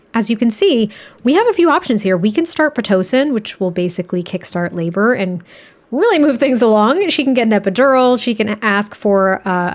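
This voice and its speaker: A young woman giving casual gameplay commentary, chatty and giggly, with lots of fillers as she talks. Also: mid-range voice. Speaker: gameplay creator.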